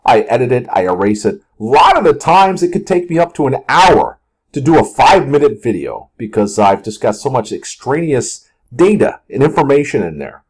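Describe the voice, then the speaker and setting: Rambling, lively-pitched man with a husky voice. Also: moderate pace. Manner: rambling, jokey, slips into mock outbursts and sung lyrics. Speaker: market video host. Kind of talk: casual market commentary over charts.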